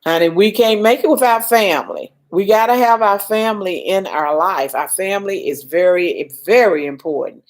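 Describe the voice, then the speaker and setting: An older woman hosting a casual live stream, talking emotionally, reassuring viewers and reading their comments aloud, shaken and trying to calm down. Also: mid-range voice, moderate pace, few pauses. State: shaken, calming down.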